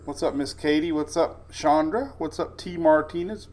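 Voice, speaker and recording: A man's voice: a little high, moderate pace, a little mellow. A middle-aged man hosting a casual weather livestream, chatting and greeting viewers by name, laughing often. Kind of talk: casual live-stream chat.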